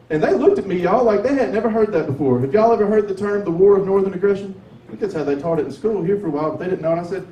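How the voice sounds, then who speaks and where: A man's voice: high-pitched, big pitch swings, quick pace, mellow. A man from Tennessee with a Southern accent, doing open mic stand-up in a drawling, conversational way and swearing freely. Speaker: stand-up comedian. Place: sports bar with a light crowd. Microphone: 360 camera from across the room. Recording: echoey bar from far off.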